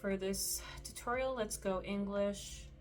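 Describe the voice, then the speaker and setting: A woman hosting a screen-recorded tutorial, explaining settings in a relaxed, explanatory way with the odd soft laugh. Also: mid-range voice, unhurried, faint music behind. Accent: Canadian. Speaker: meditation creator and tutorial host.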